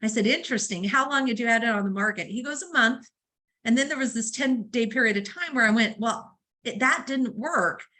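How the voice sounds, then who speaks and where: A woman's voice: fairly high pitch, brisk, sharp tone, rough recording. A woman leading a real estate training session, telling a story and acting out both sides of a conversation. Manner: storytelling, acts out dialogue; conversational, uses fillers like um and right. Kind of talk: training seminar talk.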